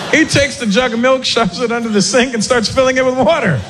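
A man doing a stand-up comedy routine on stage, acting out people in quick voices. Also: extremely high pitch. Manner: animated, acts out characters in quick voices. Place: comedy stage with a live audience. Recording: noisy live show recording.

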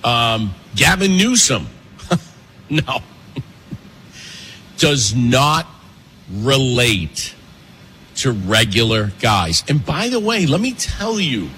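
Male talk host, lively swooping delivery, bright forceful tone, emphatic, fast, broadcasting from a cafe. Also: medium pitch, breathy edge. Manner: animated, emphatic, fast, with repetitions. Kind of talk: opinionated political commentary. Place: pastry shop and cafe.

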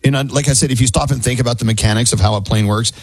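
A man hosting a call-in radio show, chatty and animated, often laughing. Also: medium pitch, very fast, husky.

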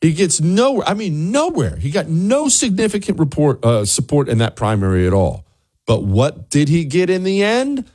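A man's voice: a little high, huge pitch swings, moderate pace, a little mellow, dry recording, studio quality. A man hosting a talk radio show, delivering an opinionated monologue with sarcastic asides and emphatic repetition. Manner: emphatic, repeats words for punch.

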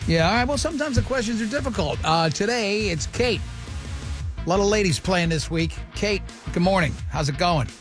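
Male radio host, teasing and quick, high register, faint music bed. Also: lively intonation. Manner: chatty, teasing, quick asides. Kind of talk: casual radio banter, quiz hosting.

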